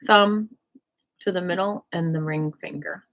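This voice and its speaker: A woman leading a casual qi gong class in a playful, joking way, with soft whispered cues for breathing. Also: fairly low pitch, unhurried, dull audio. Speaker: qi gong instructor.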